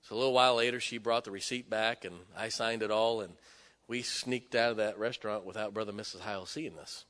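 A man preaching a sermon, telling personal stories with emphatic, animated delivery. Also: fairly low pitch, brisk. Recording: long hall reverb.

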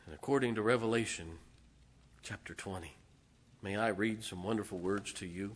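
A middle-aged man, a pastor, preaching a fervent sermon. He swings from booming declarations to hushed, intimate asides. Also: normal speed. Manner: impassioned, emphatic preaching with repeated phrases.

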